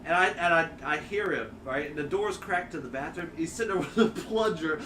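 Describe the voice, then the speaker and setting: A man telling a drunken story in casual chat, profane and animated, acting out quotes between laughs. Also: fairly high pitch, a little fast. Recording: roomy echo, far from mic, noisy ambience.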